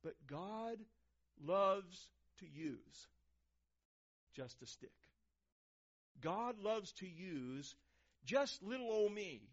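A man preaching a sermon, swinging between loud emphasis and hushed, quiet lines. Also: sits high, expressive, drawn-out words. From Texas, USA. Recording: dull lo-fi recording.

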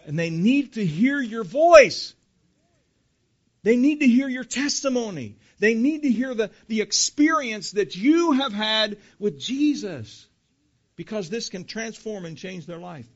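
A man's voice: high voice, expressive, a little slow, lo-fi sound. A man preaching a sermon, asking rhetorical questions and building emphasis, calling his listeners folks. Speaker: pastor.

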